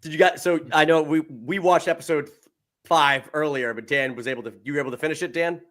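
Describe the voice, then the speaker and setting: Bright, excitable young podcast guy. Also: on the high side, brisk. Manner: excitable, swears freely, laughs often. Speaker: podcast co-host. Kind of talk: casual movie chat.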